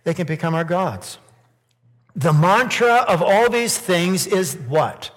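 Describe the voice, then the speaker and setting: A man preaching a sermon in church, asking rhetorical questions and building to loud, emphatic peaks. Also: high-pitched, expressive, slow pace. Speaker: pastor. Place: church sanctuary. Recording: long hall reverb.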